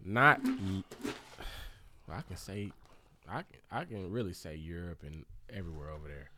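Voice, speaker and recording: Brief: man in podcast banter, mid pitch, lively emphatic delivery. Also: unhurried, slight background noise. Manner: emphatic, repeats words when cutting in. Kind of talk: casual group banter.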